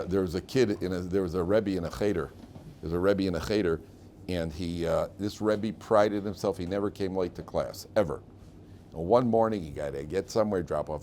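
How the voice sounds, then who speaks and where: A middle-aged rabbi lectures his class in a low, conversational voice, winding through stories and repeating his phrases. He keeps checking in with the room. A faint noise sits under the recording. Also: mellow. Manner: chatty storyteller, repeats phrases, asks the class questions.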